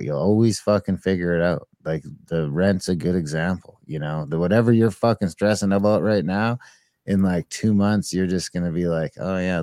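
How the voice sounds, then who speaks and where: A man's voice: sits low, no echo. A man co-hosting a podcast in loose, profane, rambling chat. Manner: profane, rambling, relaxed storytelling. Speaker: podcast co-host. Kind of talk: casual chat.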